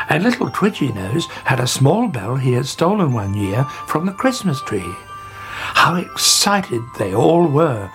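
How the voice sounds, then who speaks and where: A woman narrating a children's storybook in an expressive, gently paced way. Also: low voice, a little slow. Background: music.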